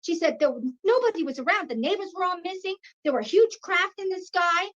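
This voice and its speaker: A woman in her fifties telling a personal story in an animated way, acting out what people said. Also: very high-pitched, brisk. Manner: animated, acts out quoted voices. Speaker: guest. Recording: dull lo-fi sound.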